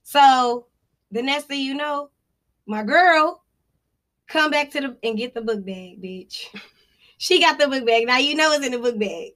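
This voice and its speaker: A woman's voice: high-pitched, measured pace, long pauses, fairly bright tone. A woman co-hosting a podcast, telling a long personal story in casual, profane chat with bursts of laughter. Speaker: podcast co-host.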